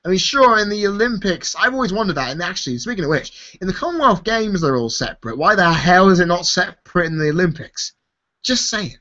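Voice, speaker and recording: High-pitched, animated and fairly quick, his voice comes out pushed and bright. He's a tired YouTube host chatting casually in a live-stream Q&A with viewers, swearing freely and laughing often, captured in dull lo-fi stream audio.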